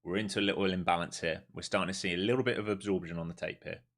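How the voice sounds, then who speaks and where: Male trader-streamer with a lowish voice and a chatty running commentary that goes from quiet muttering to sudden excitement. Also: rapid-fire. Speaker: live-streaming day trader. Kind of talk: live trading commentary to viewers.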